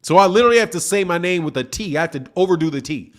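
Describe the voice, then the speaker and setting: A man's voice: high voice, animated, very fast. A middle-aged man hosting a boxing channel, chatting loosely with his live viewers in slang and joking back at the comments. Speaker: boxing channel host reading live chat. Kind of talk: casual live-stream chat.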